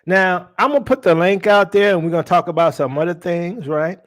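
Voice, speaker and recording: A man's voice: sits high, fairly quick, hardly any pauses, a bit bright. A man preaching to his livestream audience in a casual, slangy way. He keeps asking the listeners rhetorical questions. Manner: slangy, calls the audience y'all.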